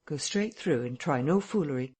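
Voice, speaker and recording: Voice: mid-range voice, animated, normal speed, darkish tone, slightly rough. A reader voicing an invisible man who speaks in curt, cold threats. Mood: threatening. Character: invisible man, menacing and impatient.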